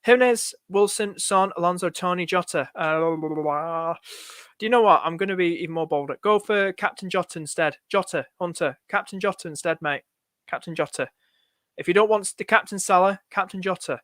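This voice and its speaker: Male streamer, high voice, dry close sound, chatty and rushed. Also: dry recording. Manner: excitable, rushed, repeats himself, says "mate" a lot. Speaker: fantasy football streamer. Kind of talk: live stream chat answering viewer questions.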